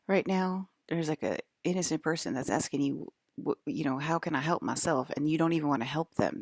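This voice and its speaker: A low-pitched woman with a gravelly, creaky voice talks straight to her audience. She drifts from one thought to the next, stopping and restarting sentences. The sound is dry and close. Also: darkish tone, no room sound. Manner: rambling, restarts, drifts between topics. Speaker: broadcaster. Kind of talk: rambling monologue to viewers.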